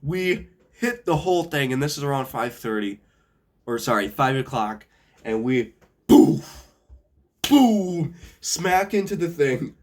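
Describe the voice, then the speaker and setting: A young man telling a funny story in a loose, rambling way. He swears a lot, trips over his words and starts his sentences over, with fillers between the thoughts. His voice sits at an ordinary middle pitch. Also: expressive, moderate pace. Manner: rambling, swears often, frequent restarts and fillers. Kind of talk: casual anecdote.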